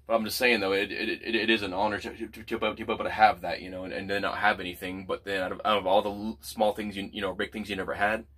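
A man's voice: fairly low pitch, level tone, fast, hardly any pauses, sharp tone. A man chatting casually as a podcast guest, rambling and often stammering and repeating words. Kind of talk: casual chat.

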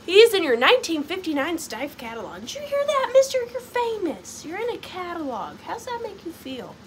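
A young woman runs a casual home sale of vintage finds. Her voice sits high and bounces all over the place, bubbly and playful. A faint hiss of room noise lies underneath. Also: huge pitch swings, moderate pace. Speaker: online vintage seller. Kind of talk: casual live sale chat.

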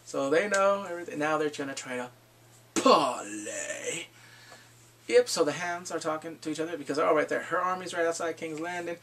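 A man reviews a TV episode in a loose vlog recap, his voice sitting a bit high with a gravelly edge. He gets worked up, swears often, and slips into quick impressions of the characters. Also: slight background noise. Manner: excitable, profane, acts out quoted lines.

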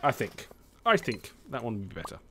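A man's voice: medium pitch, wildly swooping pitch, a little fast, sharp tone, slight background noise. A young British man from the UK, chatting casually while he plays a farming game, swearing often and humming to himself. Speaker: gaming streamer. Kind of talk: casual let's-play commentary.

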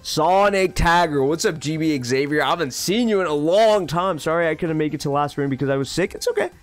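A man live-streaming a game, excitably greeting viewers and reading chat aloud. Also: on the high side, brisk, faint music behind.

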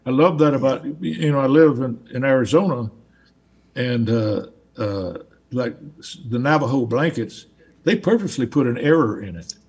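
A man's voice: medium pitch, lively intonation, normal speed, darkish tone, breathy edge. A man with a Southern US accent, a guest in an interview, telling stories in a rambling way and restarting his words often. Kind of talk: casual storytelling conversation.

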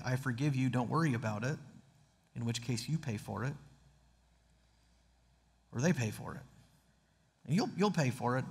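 Male pastor, earnest sermon, mid-pitched voice, long hall echo. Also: vocal fry. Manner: earnest, with dramatic read-aloud of scripture. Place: church sanctuary.

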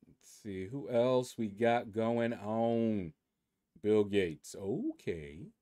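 A gaming channel host reads through a leaderboard, chatting in a laid-back way with lots of rambling asides. His voice is on the low side, warm and animated, and he speaks very slowly.

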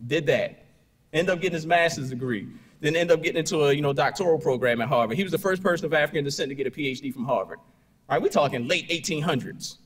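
A man delivering a keynote to a conference crowd in a conversational, storytelling way. His voice sits a little high, and he keeps checking in with "right?" and "you know". The sound carries a long reverb from the hall. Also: lively intonation, fast, breathy edge. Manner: storytelling with punchy asides and rhetorical questions. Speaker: keynote speaker.

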